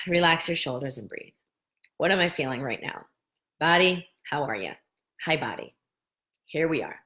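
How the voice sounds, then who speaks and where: Woman, middle-aged, deep low voice, gentle guided lesson, chatty. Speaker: host, medical practitioner teaching tapping.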